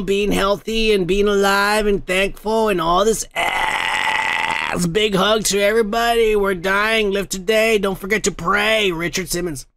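A man's voice: high voice, gravelly, sharp tone. A man hosting a comedy podcast, ranting and swearing constantly in a crude, rambling way. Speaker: podcast host. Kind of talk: crude drunken comedy rant.

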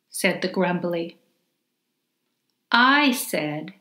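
Slow, expressive woman reading a storybook. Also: mid-range voice, reverberant. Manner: gentle, deliberate, expressive read-aloud. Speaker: author reading her picture book. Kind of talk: slow storybook narration for children.

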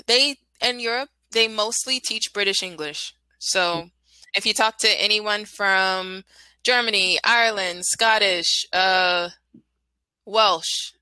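American woman, English teacher on a video call; bright voice, dry close sound, clear patient explanations. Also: medium pitch, no echo, low-quality recording. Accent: General American. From Washington, D.C., United States. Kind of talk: online English lesson.

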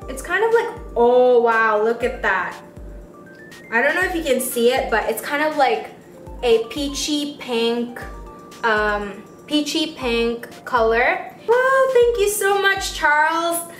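A young woman with a squeaky voice, chatting excitedly as a beauty vlogger unboxing products in a casual vlog. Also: slow pace. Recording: roomy sound, mic at a distance, faint music.

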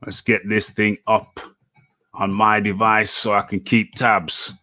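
A man's voice: lowish voice, little pitch movement, slow pace, sharp tone, no echo. A man hosting a live online boxing interview show, chatty, repeating his phrases as he talks through his setup.

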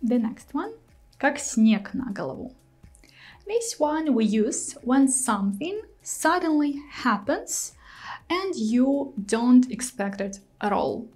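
Young russian lady teaching idioms, slow and patient, kinda high voice, explains stuff carefully. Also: very animated, darkish tone. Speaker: language teacher. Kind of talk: video lesson explaining idioms.

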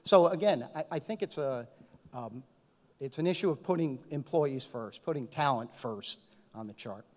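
Man, HR panelist, anecdotal, conversational, middle pitch, big hall reverb. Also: expressive, normal speed, a little mellow. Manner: anecdotal, conversational with many "right?" tags. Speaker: panelist, HR executive. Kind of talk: panel discussion. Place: conference hall. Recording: echoey conference hall.

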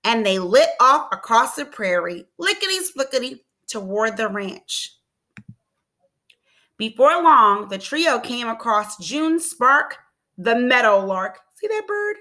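Lady teacher reading a picture book to kids, high voice, super animated. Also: slow. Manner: expressive, encouraging questions to kids. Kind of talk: storybook read-aloud lesson.

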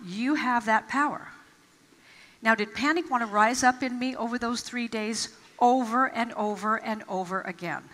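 A woman giving an inspirational stage talk, telling stories and acting out quotes with emphatic pauses. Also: a little high, fairly bright tone, long reverb tail. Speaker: motivational speaker. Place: large event hall.

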